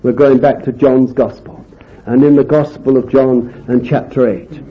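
A man preaching a fervent sermon, swinging between loud exclamations and quiet asides. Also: medium pitch, fairly even intonation, a little slow. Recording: dull lo-fi recording.

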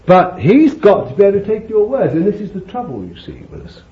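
A man preaching a sermon, calling his listeners beloved, laughing between points and jumping high when he voices prayers and pleas. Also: brisk. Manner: animated, jumps to high pitch for quoted pleas. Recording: dull lo-fi old sermon tape with faint hiss.

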